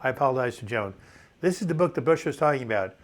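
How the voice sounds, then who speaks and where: A man's voice: mid-range voice, animated, fast. A man of seventy hosting a casual live video chat, reading viewer comments aloud and answering them in a chatty, enthusiastic way, often restarting words. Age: 70s.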